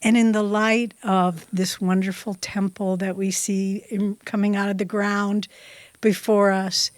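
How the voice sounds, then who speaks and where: A woman teaches a spiritual class, speaking with a slow, unhurried cadence. Her devotional delivery stays soft and even. The recording is dry and close, with little room sound. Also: medium pitch, no echo. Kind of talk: class talk, storytelling.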